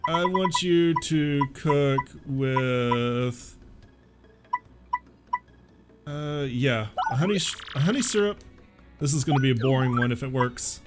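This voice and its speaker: A man's voice: medium pitch, unhurried. A man hosting a let's play, chatting casually and thinking aloud as he plays. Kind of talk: casual game commentary. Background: game music.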